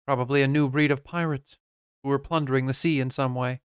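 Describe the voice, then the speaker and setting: A man reading a classic novel aloud as an audiobook, narrating in the first person in a measured, expressive way. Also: mid-range voice, clear, resonant tone, no room sound.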